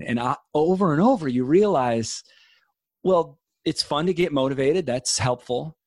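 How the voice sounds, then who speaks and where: With a fairly high, slightly mellow voice at normal speed, a middle-aged man who is an author speaks as a guest in a casual conversation. He is earnest and leans on extended analogies, and the sound is clean studio audio with no room sound.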